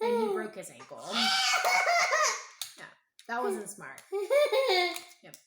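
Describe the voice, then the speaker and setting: Hoarse mother telling family stories. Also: mid-range voice, huge pitch swings. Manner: gentle, unhurried, thinking aloud with hums and pauses. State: hoarse, strained voice. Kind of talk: casual storytelling to her child. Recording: echoey room with clear background noise.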